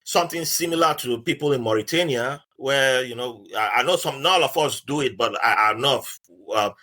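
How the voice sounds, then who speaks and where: Speaking a little fast in a mid-range voice, a Nigerian-accented man from Nigeria shares a story on a casual podcast, where he is a guest. He's animated and voices the different people he describes.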